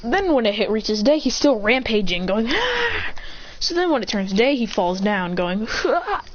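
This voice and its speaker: A woman improvising a fan-fiction story with rambling, profane narration, breaking into high shouted character cries. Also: lively intonation, moderate pace. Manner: rambling, profane, frequent self-corrections. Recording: dull lo-fi sound with faint background hiss.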